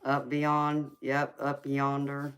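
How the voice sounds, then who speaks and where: A woman's voice: extremely low pitch, monotone, takes it slowly, noisy background. A woman with a heavy Southern accent from Georgia, chatting casually and laughing often while hosting a late-night live stream. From California.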